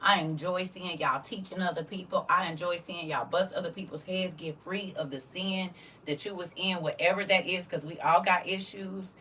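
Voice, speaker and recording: A woman's voice: on the low side, fairly even intonation, moderate pace, bright, forceful tone, recorded from a distance, a little hiss or hum. A woman who teaches the Bible online, chatting casually on a livestream, speaking emphatically and repeating herself to drive points home. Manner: emphatic, repetitive, keeps asking "you hear me?". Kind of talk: casual livestream chat, reading viewer comments.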